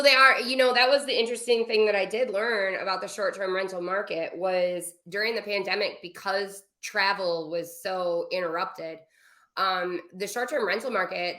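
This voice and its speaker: A woman on a podcast interview explains her travel business in a rush of asides and quick pivots. Her voice sits in a noticeably roomy, echoing space. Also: mid-range voice. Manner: fast, animated explaining with asides. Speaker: guest, travel business owner. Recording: roomy echo.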